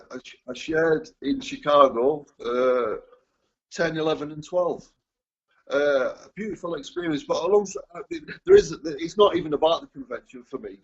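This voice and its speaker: Husky Englishman telling his story haltingly. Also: on the high side, a little mellow, lo-fi sound. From England. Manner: halting, repeats words, chuckles often. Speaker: recovery speaker. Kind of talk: personal testimony to a group.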